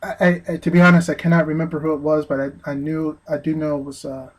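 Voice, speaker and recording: A man giving an earnest opinion monologue, speaking haltingly with frequent restarts. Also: a little high, little pitch movement, poor audio. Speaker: vlogger.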